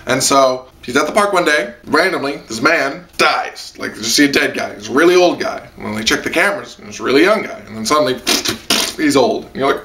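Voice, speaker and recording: A man giving a casual spoken anime review, rambling with lots of fillers. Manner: rambling, heavy on fillers, jumps into high-pitched mock quotes.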